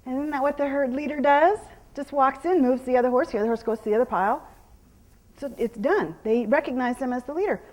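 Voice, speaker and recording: Woman horse trainer, higher voice, gentle. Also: quick pace, long reverb tail. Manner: calm teaching voice, breaking into soft praise and hushed whispers to the horse. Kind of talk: live clinic demonstration, explaining while working a horse. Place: horse arena during a clinic.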